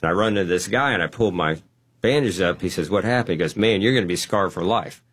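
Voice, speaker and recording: A man telling a personal testimony story, animated and acting out the quotes. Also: low voice, fast talker, husky. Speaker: guest.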